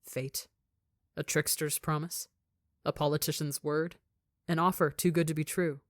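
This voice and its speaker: Woman, low voice, measured dramatic story reading, dry close sound. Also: flat delivery, dry recording. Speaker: story reader.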